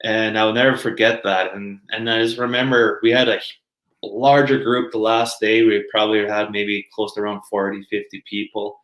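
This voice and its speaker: A man's voice: lowish voice, flat delivery, moderate pace, fairly bright tone. A man, a podcast guest telling stories casually, laughing often and using many fillers. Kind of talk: casual storytelling. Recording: roomy echo.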